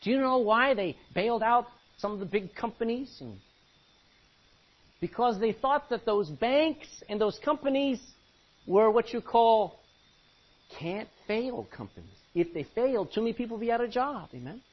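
A man's voice: very high-pitched, animated, moderate pace, dull audio. A man preaching a sermon in an emphatic way, repeating phrases and calling out for amens.

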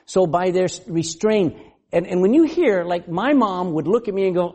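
A male pastor preaching a sermon in a high, mellow voice that swings widely in pitch. He quizzes the congregation, laughs often and acts out the voices he quotes. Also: moderate pace. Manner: animated, asks the congregation questions.

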